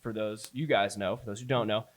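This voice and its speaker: A man hosting a relaxed workplace podcast chat. He talks in an easygoing way with quick bursts and cracks corny jokes. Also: fairly low pitch. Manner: joking, fond of dad jokes. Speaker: podcast host. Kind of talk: casual chat.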